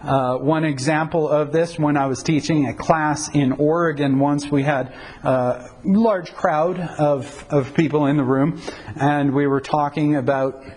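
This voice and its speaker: A man's voice: fairly high pitch, a little mellow, slight background noise, rough recording. A middle-aged man pastor giving an informal teaching talk on Bible translation, conversational and wry, stopping often to correct himself. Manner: conversational, self-correcting, uses anecdotes and wry humor.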